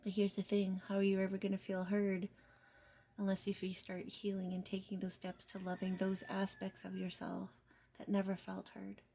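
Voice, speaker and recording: A woman giving a spiritual guidance card reading, soft and reflective, often slipping into near-whispers and casual, mildly profane phrasing. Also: mid-range voice, monotone, normal speed, vocal fry, slight background noise. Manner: casual, with mild swearing. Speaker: tarot reader.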